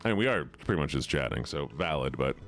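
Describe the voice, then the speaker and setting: A man's voice: rumbling low, very animated, fast, fairly bright tone, soft background music. A man streaming a game and chatting casually with his viewers in a playful, rambling way, often repeating words. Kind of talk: casual live-stream chat while gaming.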